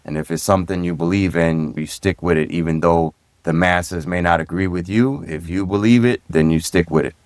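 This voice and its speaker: A middle-aged man from Brooklyn with a New York accent, a guest telling relaxed stories about his upbringing in an interview. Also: low-pitched, brisk, hardly any pauses, no room sound. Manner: easygoing, reflective, repeats phrases. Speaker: guest, retired police lieutenant and DJ. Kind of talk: casual interview storytelling.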